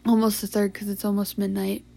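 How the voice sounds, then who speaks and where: A tired young woman hosting a late-night confessional podcast, talking softly and haltingly, with sighs, yawns and whispered stretches. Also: medium pitch, little pitch movement, gravelly. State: sleepy. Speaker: podcast host.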